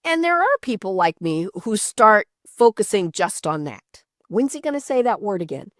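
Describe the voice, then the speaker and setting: Lively, chatty woman podcast host. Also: mid-range voice, normal speed, no room sound, clean studio sound. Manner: chatty, laughs often, many fillers and restarts. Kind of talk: casual interview chat.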